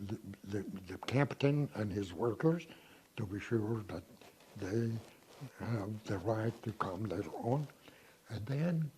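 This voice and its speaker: An elderly man in his nineties gives an oral history interview. His voice is mellow and very raspy. He pauses and repeats words as he recalls events. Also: fairly low pitch. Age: 90s. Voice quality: very husky voice.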